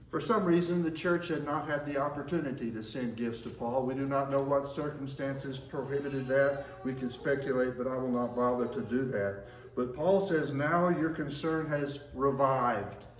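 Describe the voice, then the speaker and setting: A man preaching a sermon at a measured pace, slowing down when he quotes scripture. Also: mid-range voice, distant mic, slight background noise. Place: church sanctuary. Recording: echoey room, mic from afar.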